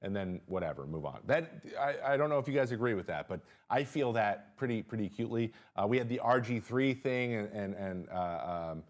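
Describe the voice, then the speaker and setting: A man casually hosting a live stream from a small studio. His talk is loose and full of fillers and restarts. When something surprises him, his voice jumps sharply up in pitch. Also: fairly quick, hardly any pauses. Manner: animated, jumps high in pitch when reacting. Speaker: host.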